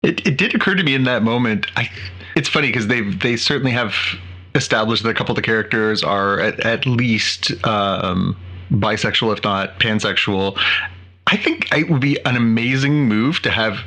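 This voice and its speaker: A man co-hosting a podcast, chatting casually in a relaxed, musing way. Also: fairly low pitch, moderate pace. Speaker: podcast co-host. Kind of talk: casual chat.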